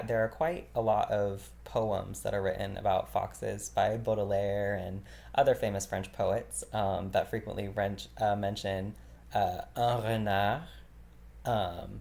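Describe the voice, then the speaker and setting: A man leads a beginner vocabulary lesson in an easygoing, unpolished way. He pauses on fillers, then says each word slowly, several times over. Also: lowish voice, creaky. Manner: relaxed, filler-heavy explaining, repeating each word slowly. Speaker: French teacher.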